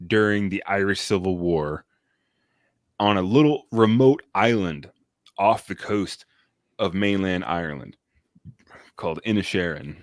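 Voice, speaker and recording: A man's voice: deep voice, unhurried, pauses often, dry recording, studio quality. Profane, rambling man recapping a movie. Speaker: podcast co-host. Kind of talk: casual chat, movie review.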